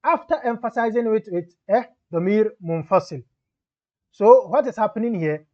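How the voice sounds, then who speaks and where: Quick high-voiced male grammar teacher. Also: lively intonation, highs cut off. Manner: reads Arabic text then explains in English. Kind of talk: explaining a textbook lesson.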